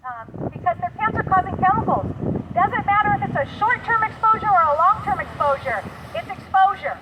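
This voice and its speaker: A woman's voice: very high voice, noisy background. A middle-aged woman, a community activist, talking earnestly and conversationally outdoors by a street, with small restarts. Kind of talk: outdoor advocacy statement.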